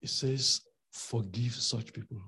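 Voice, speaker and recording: A man preaching a sermon with emphatic rhetorical questions, swinging between loud and soft delivery. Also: mid-range voice, slow, husky.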